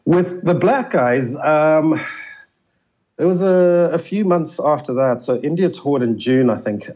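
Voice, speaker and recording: A man's voice: a little high, lively intonation, a little slow, darkish tone. A man from Zimbabwe, telling stories as an interview guest in a casual, chatty way, often saying "you know". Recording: slightly dull lo-fi audio.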